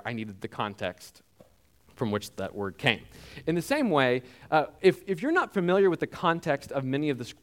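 Pastor guy preaching casual and chatty, voice jumps all over, lots of uhs. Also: a little high. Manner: conversational, animated, frequent filler words. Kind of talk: sermon.

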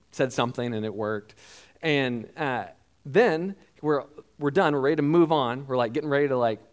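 A man preaching a sermon, telling a personal story in a halting way with frequent restarts and acting out quoted lines. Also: medium pitch, smooth. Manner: animated storyteller who acts out quoted lines.

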